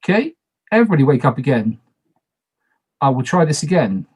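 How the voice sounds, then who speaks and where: A man's voice: medium pitch, sing-song, a little fast, slightly rough. A man moderating an online party game on a video call, talking casually, repeating instructions and making self-deprecating asides.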